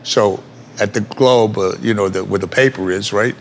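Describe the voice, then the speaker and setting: An older man, an actor guest in an interview, tells rambling, salty anecdotes and laughs along the way. His voice sits fairly low and moves at a normal speed, with a bit of hiss or hum behind it.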